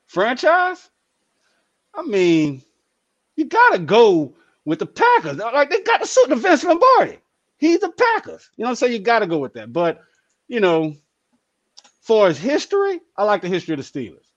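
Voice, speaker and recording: A man co-hosting a casual sports talk show, playful and animated, often jumping into excited high outbursts. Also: moderate pace, no echo, muffled recording.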